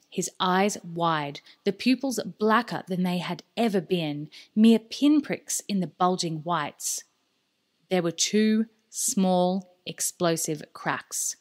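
Woman narrating an audiobook, lowish voice. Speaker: audiobook reader. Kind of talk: scripted narration.

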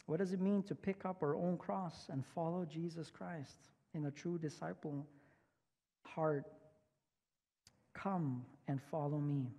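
A male pastor preaching a sermon in a relaxed, conversational way, full of fillers and restarts. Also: on the high side, unhurried, creaky. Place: church sanctuary. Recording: long church reverb.

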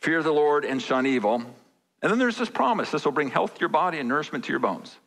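A man's voice: fairly high pitch, big pitch swings, fast talker, fairly bright tone. A man preaching a sermon as pastor, conversational and repeating phrases for emphasis. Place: large church sanctuary. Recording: church hall reverb.

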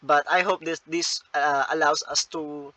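A man's voice: a little high, fairly even intonation, measured pace, sharp tone, no room sound, low-quality recording. A man with a Filipino accent teaching an online literature class, mixing English and Tagalog and often checking in with "no?" as he repeats key points. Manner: switches between English and Tagalog, frequent tag "no?".

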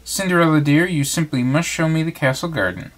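A man's voice: a little high, a little fast, pitched above the performer's own voice, lightly acted. A man voicing a refined, affectionate lady friend who speaks fondly and politely. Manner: fond and polite.

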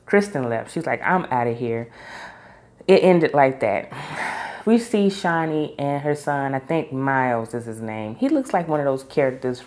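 A woman's voice: extremely low pitch, darkish tone. A middle-aged woman reviewing a reality TV episode in casual, opinionated chat, laughing often.

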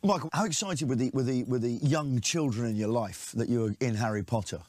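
Male host, mid-pitched, jokey interviewer, halting questions, dry studio sound. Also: a little mellow, no echo.

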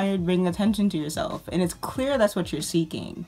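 A woman's voice: on the low side, expressive, brisk, darkish tone, soft background music. A woman vlogger ranting about her pet peeves in a sarcastic, exasperated way. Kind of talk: ranting casual monologue.

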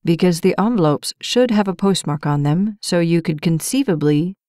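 A woman doing a soft-spoken gentle firefighter. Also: on the low side, moderate pace, no echo, studio quality, close to an everyday voice. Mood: calm. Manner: soft, calm, quietly coaxing. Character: gentle, steady male firefighter. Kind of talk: audiobook character voice.

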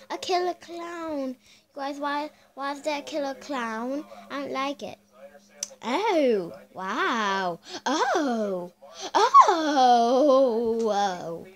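Chatty woman vlogger, slightly high voice. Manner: chatty, exclaiming, keeps addressing viewers as "you guys". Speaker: vlogger reacting to commercials. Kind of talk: casual reaction commentary.

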